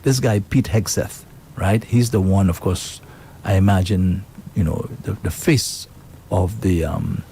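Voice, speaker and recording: Indignant radio host. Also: male voice, low voice, measured pace, mellow, slight background noise. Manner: emphatic, indignant, quotes news aloud. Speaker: radio talk show host. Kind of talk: casual talk radio commentary.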